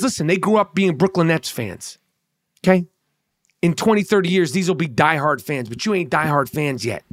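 A man's voice: high voice, fairly bright tone, dry recording, clean studio sound. A male comedian delivering a heated, profane sports rant, blunt and sarcastic, stumbling over repeated words.

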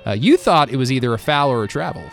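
A man's voice: mid-range voice, expressive, fast, creaky, faint music behind. A man co-hosting a post-game sports podcast in casual, joking chat, recapping plays with fillers and restarts. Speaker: podcast co-host.

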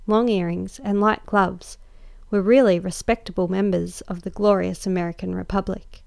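A woman narrating a classic story aloud as guest host, measured and dryly expressive. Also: medium pitch, gravelly, no room sound. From Australia. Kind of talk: audiobook narration.

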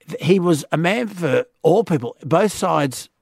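A man's voice: fairly high pitch, animated, vocal fry, a little mellow, dry recording, clean studio sound. Gossipy male radio host. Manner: gossipy, teasing, halting restarts. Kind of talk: casual radio chat.

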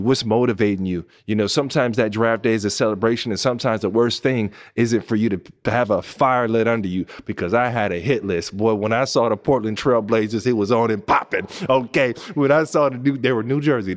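A man in his thirties from Southern California, telling a personal story as a podcast host, animated and emphatic, rising high when excited and dropping soft when moved. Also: a little fast, hardly any pauses. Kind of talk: storytelling monologue.

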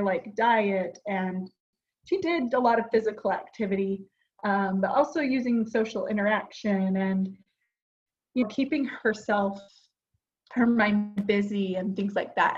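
A woman in her forties co-hosts a podcast in an easy, earnest chat, leaning on fillers as she talks. Her voice sits at an ordinary middle pitch. The recording sounds somewhat dull and lo-fi. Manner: chatty and earnest, with frequent fillers. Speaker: podcast co-host. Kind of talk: casual chat.

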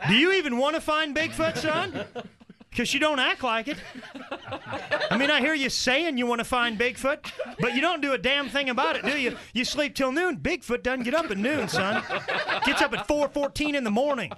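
A man's voice: extremely high pitch, normal speed, crowd noise, pitched above the performer's own voice. A male comedian voicing a demanding dad who scolds his son sarcastically. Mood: scolding. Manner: hectoring, sarcastic.

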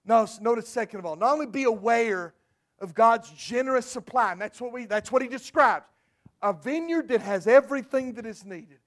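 A man's voice: very high-pitched, moderate pace, a bit bright. A man preaching a sermon to his congregation, emphatic and storytelling. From United States. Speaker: pastor.

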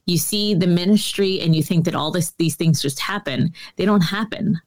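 A woman's voice: lowish voice, normal speed, darkish tone. A woman guest on an interview podcast, telling stories earnestly with many fillers. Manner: earnest storytelling with frequent fillers. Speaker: podcast guest, author and speaker. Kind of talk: conversational interview.

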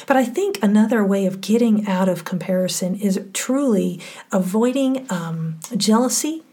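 A woman co-hosting a casual faith podcast, speaking in a heartfelt, soft way that often drops close to a whisper. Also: mid-range voice, animated, normal speed. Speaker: podcast co-host.

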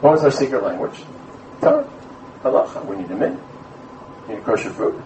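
Animated man lecturing in an echoey room. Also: mid-range voice, fairly quick, long pauses, a little hiss or hum. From Brooklyn, USA. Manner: animated storyteller, mixes in Hebrew terms. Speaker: rabbi giving a community talk. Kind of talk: lively sermon-style lecture with stories. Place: room at a community gathering. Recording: echoey room, mic at a distance.

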